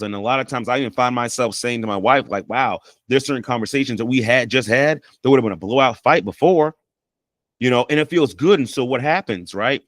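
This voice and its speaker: In a dry studio recording, a medium-pitched man, who is a counselor and life coach, walks through communication skills in a casual, conversational manner. He leans on "right?" and "you know" tags and performs sample apologies and I-statements.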